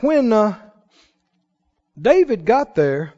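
A man preaching a sermon, telling a Bible story with lively, acted-out dialogue. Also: sits high, very slow. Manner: animated storytelling, acting out the people in the tale. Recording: reverberant hall, somewhat dull sound.

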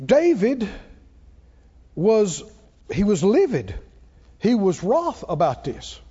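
A man preaching a sermon, swinging between loud, dramatic lines and hushed ones. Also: high voice, wildly swooping pitch, slow, breathy edge. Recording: muffled sound with long hall reverb.

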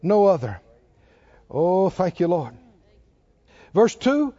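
A man preaching a sermon, calling out questions to the congregation and swinging from near-shouts to hushed tones. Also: moderate pace, pauses often. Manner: animated, rising to near-shouts then dropping low. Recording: dull lo-fi sound.

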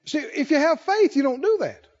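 A man preaches in a loose, conversational style, his voice pitched very high and swinging widely as he quizzes the congregation. He chuckles between points and keeps the room involved. The recording is dull and lo-fi. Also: lively intonation, brisk, a little mellow. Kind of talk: conversational sermon.

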